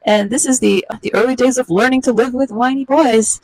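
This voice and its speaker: A woman's voice: on the high side, fairly even intonation, fairly quick, darkish tone, no room sound, low-quality recording. A woman in her forties telling a comedic illustrated story in a wry, sarcastic, roasting way. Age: 40s.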